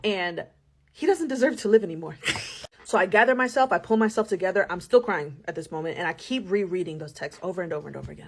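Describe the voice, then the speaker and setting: A woman telling a personal story to camera in a casual, animated way, full of slang and laughter. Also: medium pitch, fairly quick, a little hiss or hum. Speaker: storyteller vlogger.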